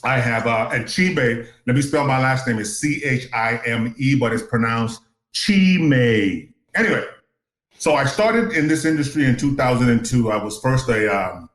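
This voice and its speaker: A man's voice: medium pitch, expressive, normal speed, a bit bright, roomy sound, rough recording. A man who works as an asbestos inspector, chatting as a podcast guest in a jokey, rambling way. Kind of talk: casual podcast chat.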